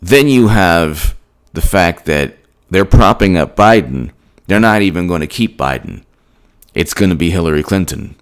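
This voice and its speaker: A man's voice: deep voice, lively intonation, moderate pace, clear, resonant tone. A man giving an emphatic, rambling political commentary on his own channel, with frequent restarts. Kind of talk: solo political commentary vlog.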